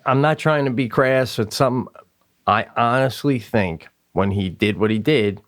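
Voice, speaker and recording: A man co-hosting a podcast, telling casual comedic stories and acting out quotes with jumps in his voice. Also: measured pace. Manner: animated, acts out quotes in high voices. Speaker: podcast co-host.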